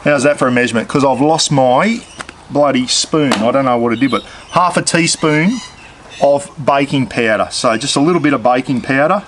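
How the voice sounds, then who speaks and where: A man's voice: mid-range voice, normal speed, a little hiss or hum, low-quality recording. A man with an Australian accent hosting a casual cooking demonstration, chatting straight to his viewers as he cooks outdoors. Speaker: cooking channel host.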